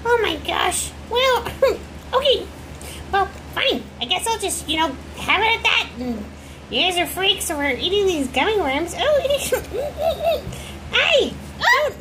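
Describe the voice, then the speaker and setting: A woman's voice: extremely high pitch, very animated, slow pace, full character voice. Woman doing a squealing, jittery little girl doll. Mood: relieved. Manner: squealing, breathless chatter. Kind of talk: doll role-play. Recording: noisy home recording.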